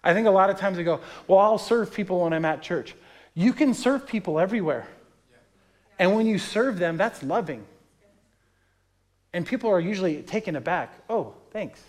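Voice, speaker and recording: A man's voice: sits high, expressive, normal speed. A man in his thirties, a pastor, preaching a sermon in a conversational, storytelling way, acting out the people he quotes.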